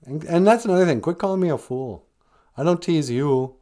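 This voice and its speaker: A man's voice: a little high, animated, a little fast, dark tone. Dry sarcastic male podcast host. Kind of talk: comedic podcast monologue.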